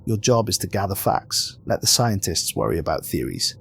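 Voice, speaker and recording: A guarded fleet commander, as a gravelly-voiced narrator puts him on, gives orders in a clipped, authoritative way. His voice stays low and rough. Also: very animated, normal speed, slight background noise, heavily acted. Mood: stern. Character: guarded male fleet commander briefing troops.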